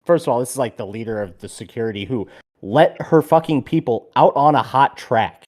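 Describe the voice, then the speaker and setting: Podcast guy telling a story, lots of swearing, mid pitch, gets loud and worked up. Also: brisk. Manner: animated storytelling, swears freely. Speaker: podcast co-host. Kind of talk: casual chat.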